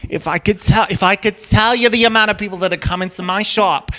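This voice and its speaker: A man's voice: high-pitched, a little fast, bright, forceful tone, slight background noise, pitched above the performer's own voice. Medusa, a man camping up a brassy Bronx bodega queen. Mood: sassy. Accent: Bronx put-on. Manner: sassy, flirty, calls people honey and sweetie.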